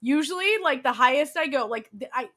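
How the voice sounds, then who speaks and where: Bright, high-voiced woman recapping a drama. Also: brisk. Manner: animated storyteller acting out quotes, swears, many "like"s. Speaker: podcast co-host. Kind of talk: casual chat recapping a drama.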